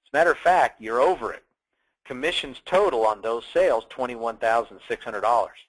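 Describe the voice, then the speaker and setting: A man's voice: medium pitch, brisk, rough recording. A man presenting a sales training, upbeat and emphatic like a salesman.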